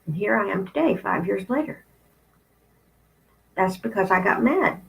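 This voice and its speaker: A woman's voice: mid-range voice, expressive, unhurried, vocal fry, low-quality recording. A woman in her fifties giving a candid spiritual talk, blunt and conversational with some profanity. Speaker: spiritual channel host.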